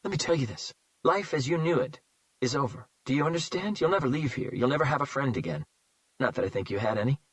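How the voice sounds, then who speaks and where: A man's voice: medium pitch, lively intonation, fast talker, no room sound, close to an everyday voice. A man voicing a cold, menacing male kidnapper with a throaty, firm voice, in an audiobook. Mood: cold threatening. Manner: threatening, clipped.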